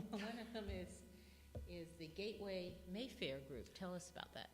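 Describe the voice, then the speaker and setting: A woman with a lowish voice asks a guest questions on stage. She sounds set back from the mic in a hall with long reverb, and faint background noise hangs behind her. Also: expressive, moderate pace. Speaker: interviewer. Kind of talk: onstage interview.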